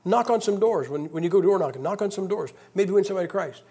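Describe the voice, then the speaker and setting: A man's voice: sits high, animated, fast, dark tone, slightly rough. A man preaching a sermon in a church, conversational and emphatic, with joking asides. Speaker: guest preacher.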